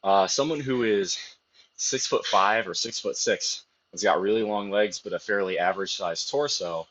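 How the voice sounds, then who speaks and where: A man streams live from a gym, chatting casually between sets with strong opinions and plenty of swearing while he works out. His voice is lowish and fairly bright at a normal speed, captured in dull, lo-fi audio.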